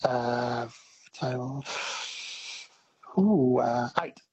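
A man with an Australian accent calling a radio quiz, relaxed and a little hesitant. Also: mid-range voice, very slow. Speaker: caller. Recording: dull, husky phone line.

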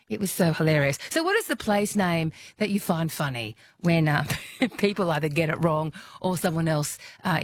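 A woman's voice: on the low side, no echo, studio quality. A middle-aged Australian woman hosting an evening talkback radio show, chatty, laughing often and quizzing her listeners.

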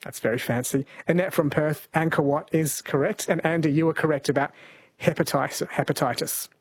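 A New man hosting a radio quiz, chatty and quick to laugh as he reads listener texts. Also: on the high side, steady tone, slightly rough, dry recording. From New Zealand. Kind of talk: casual radio chat. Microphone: studio microphone.

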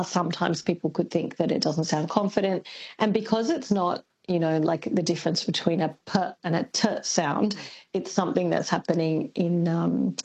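Woman, linguist guest, husky, gravelly, lower voice, thoughtful radio explanation. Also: darkish tone, poor audio. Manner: thoughtful, explanatory, many ums. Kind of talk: radio interview.

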